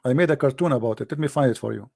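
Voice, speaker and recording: Talking very fast with vocal fry and a warm, medium-pitched tone, the Middle Eastern streamer, a native Arabic speaker, hosts a heated debate. His manner is combative and mocking, full of blunt insults.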